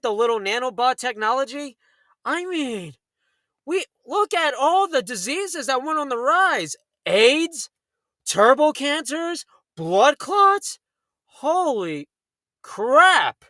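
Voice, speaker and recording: A man hosting a late-night talk radio show, telling stories in a fast, heated way and acting out the people in them. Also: very high voice, very animated, bright, forceful tone, dry recording, clean studio sound. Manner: fast, heated storytelling with acted quotes.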